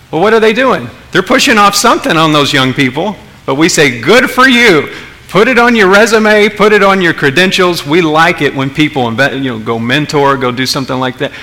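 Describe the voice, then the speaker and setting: A man's voice: fairly high pitch, pushed and bright. A man preaching a sermon as pastor, emphatic, asking the congregation rhetorical questions and often repeating words as he restarts.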